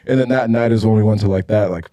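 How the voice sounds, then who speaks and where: A man's voice: on the low side, fast talker, mellow, no echo, studio quality. A young man recapping a trip step by step in a casual group podcast chat. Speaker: podcast guest.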